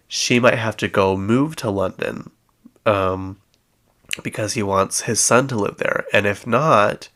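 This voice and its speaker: This podcast host is a man whose voice sits on the low side with a fairly bright tone. He casually chats his way through a gossip recap, full of filler words, and performs the quoted lines as he goes.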